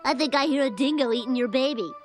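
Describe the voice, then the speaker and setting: A woman putting on an exaggerated mock Australian accent to play a joking male tourist, quiet and with an altered tone. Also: high-pitched, fast talker, soft background music, voice pushed up, natural voice.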